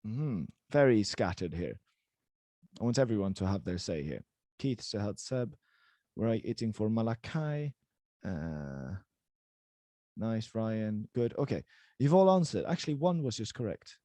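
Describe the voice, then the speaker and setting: A man's voice: lowish voice, big pitch swings, a little slow, pauses often, dark tone, no room sound. A man teaching a live online language class over a video call, in a casual, encouraging way with many fillers.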